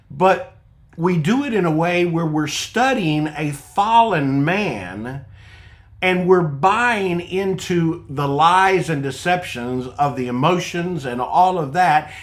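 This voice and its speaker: A man's voice: fairly high pitch, a bit bright. Man preaching an earnest online sermon. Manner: earnest, repeats points, rhetorical questions.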